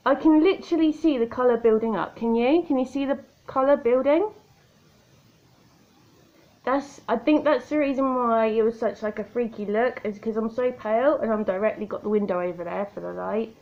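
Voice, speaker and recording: Chatty woman, gravelly voice. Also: on the high side, moderate pace, dark tone, highs cut off. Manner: chatty, self-mocking, talks to the viewer. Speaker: makeup vlogger. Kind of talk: chatty makeup tutorial. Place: indoor room by a window. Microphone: tablet camera.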